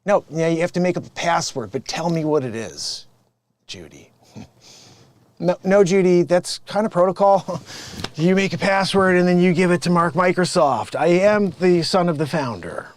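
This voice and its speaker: A man's voice: high-pitched, expressive, normal speed. A man improvising a sleazy, smug phone scammer boss who mocks his coworkers and cons callers. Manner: smug, mocking, laughing at his own lines. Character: sleazy male phone scammer boss posing as tech rebate agent. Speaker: improv comedian. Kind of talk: improvised comedy sketch.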